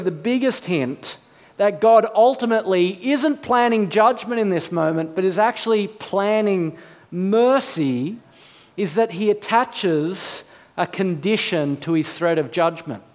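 A man, perhaps in his thirties, preaching a sermon, earnest and emphatic, with rhetorical questions. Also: high-pitched. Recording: long reverb of a hall.

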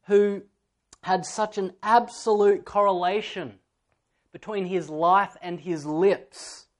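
A man's voice: sits high, fairly even intonation, slow pace. A man, preaching a sermon and telling stories, acting out a child's voice at times. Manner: storytelling, acts out a child's voice in anecdotes. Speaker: pastor.

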